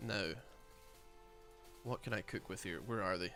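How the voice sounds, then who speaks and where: Casting: young Scottish streamer with a light accent and a bright, lively voice, rambling chat, faint game music underneath. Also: male voice, low-pitched, measured pace. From Scotland. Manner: chatty, rambling, bursts into excited yells. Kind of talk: casual gaming stream chat.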